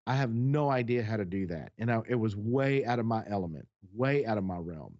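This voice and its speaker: A man's voice: on the low side, animated, brisk, a little mellow, highs cut off. A man co-hosting a podcast, telling a long personal story in casual chat, acting out the exchanges, blunt and profane. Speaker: podcast co-host.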